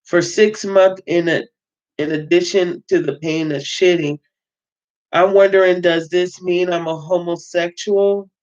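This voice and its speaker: A woman's voice: lowish voice, fairly even intonation, unhurried, a little mellow. A woman hosting a casual book reading, reading a novel aloud and breaking in with her own blunt, emphatic remarks. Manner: emphatic, talks back to the text, swears freely. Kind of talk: casual read-aloud with reactions. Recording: dull lo-fi sound.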